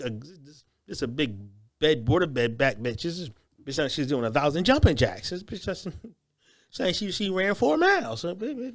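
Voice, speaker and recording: A man's voice: on the high side, sing-song, moderate pace. A man giving crude, mocking reaction commentary on video clips, laughing often.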